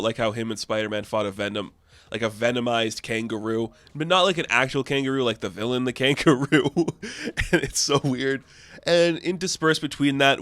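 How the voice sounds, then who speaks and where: A man talks through a comic book issue in a loose, excitable way, full of fillers and quick laughs. His voice is bright and forward. The recording is dry and close, with no room around it. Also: mid-range voice, no room sound. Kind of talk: casual comic recap.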